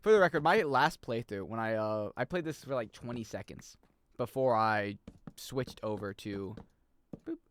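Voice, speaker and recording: A man's voice: medium pitch, expressive, normal speed, a little hiss or hum. A young adult man streaming a game in casual chat, rambling, swearing and laughing as he plays.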